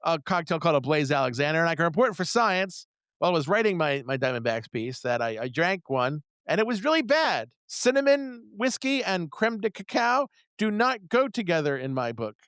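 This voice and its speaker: A man with a high-pitched, nasal voice chats casually as a podcast guest. His tone stays smooth and clear, and he rambles in a wry, self-mocking way, recorded close and dry. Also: very animated, a little fast, a bit bright, no room sound. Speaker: baseball analyst guest.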